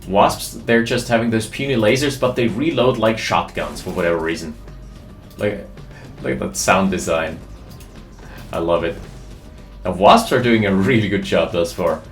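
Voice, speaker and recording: Excitable male game caster, lowish voice, roomy sound, faint music behind. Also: normal speed, pauses often. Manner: excitable, thinking aloud. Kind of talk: live game commentary.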